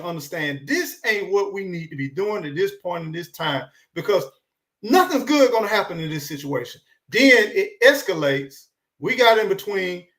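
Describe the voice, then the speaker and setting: A man's voice: high-pitched, a bit bright. A man. He tells a story in a casual, earnest way and preaches a little as he goes.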